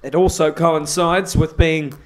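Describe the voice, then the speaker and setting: A man's voice: a little high, steady tone, measured pace, a little mellow. A man giving casual live commentary on a rugby league match, rambling in a mock-formal way with plenty of fillers. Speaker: amateur sports commentator.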